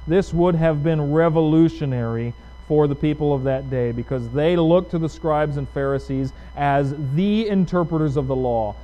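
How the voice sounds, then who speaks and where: A man preaching a sermon in a fairly high voice. He stays conversational, putting questions to his listeners as he teaches. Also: warm tone, low-quality recording. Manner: conversational, asks the audience questions. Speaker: pastor.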